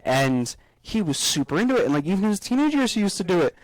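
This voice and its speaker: A man's voice: sits high, sing-song, quick pace, no echo, poor audio. A young man in casual podcast chat, mostly listening with short replies. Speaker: podcast co-host.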